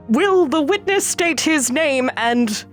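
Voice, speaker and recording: A woman's voice: high voice, lively intonation, very slow, faint music behind, pitched above the performer's own voice, heavily acted. A woman voicing a cold, formal male prosecutor in a fan dub of a courtroom game. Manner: stiff, formal.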